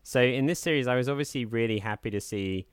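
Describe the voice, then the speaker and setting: A man's voice: mid-range voice, fast. A man co-hosting a podcast, chatting casually and rambling with many fillers. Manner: rambling, with many fillers, dips into a soft, smooth put-on voice. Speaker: podcast co-host. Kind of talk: casual chat.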